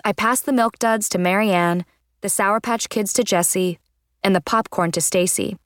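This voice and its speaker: A woman narrating a children's chapter book in the first person, with a lively, expressive delivery. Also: mid-range voice, unhurried, no room sound, studio quality. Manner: lively, expressive reading with character voices. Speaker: audiobook narrator.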